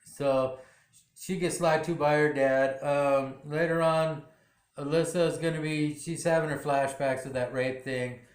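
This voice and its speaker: A man with a fairly high voice talks through a drama episode, rambling and loose, leaning on "you know" between thoughts. The room around him is echoey. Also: steady tone, a little slow. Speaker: drama recap vlogger. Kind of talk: casual episode recap. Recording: roomy echo.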